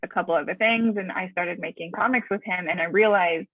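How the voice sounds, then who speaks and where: A woman, a guest on an interview show, talking casually in a measured, slightly hesitant way. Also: on the low side, dry recording. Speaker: comic artist guest. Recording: tinny dry phone-like line.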